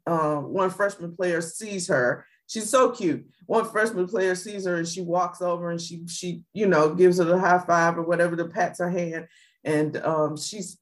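A woman hosting a podcast, telling stories in an animated, chatty way. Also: fairly low pitch. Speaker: podcast host. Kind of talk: casual podcast chat.

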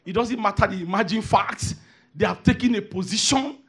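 A man preaching a sermon, emphatic, repeating phrases and swinging from hushed asides to shouted declarations. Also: sits high, a little fast, husky.

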